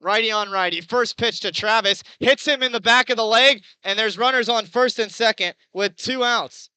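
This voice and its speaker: A young man doing chatty baseball play-by-play commentary, getting excited on big plays. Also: very high voice, normal speed, clear, resonant tone, no room sound, poor audio. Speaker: play-by-play announcer.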